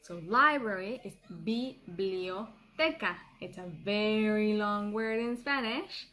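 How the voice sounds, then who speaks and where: A middle-aged woman teaching a children's language lesson in a playful, patient way, repeating words slowly for pupils to copy. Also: medium pitch, fairly bright tone. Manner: playful, laughs at herself.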